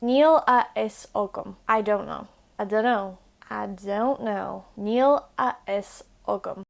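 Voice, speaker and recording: A woman's voice: medium pitch, slow pace, vocal fry. A young woman hosting a casual language lesson, with chatty, self-deprecating asides. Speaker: language video host.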